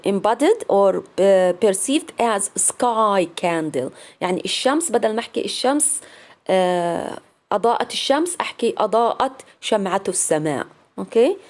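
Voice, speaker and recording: A woman lecturer with an Arabic accent teaching a recorded literature class, explaining slowly in English and breaking into quick Arabic asides. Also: mid-range voice, darkish tone. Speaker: university lecturer.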